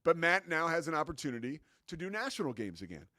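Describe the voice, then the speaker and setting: Male sports show host, casual and excitable, fillers galore, dry booth sound. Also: on the high side, fast talker, no room sound. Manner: enthusiastic, conversational, many fillers.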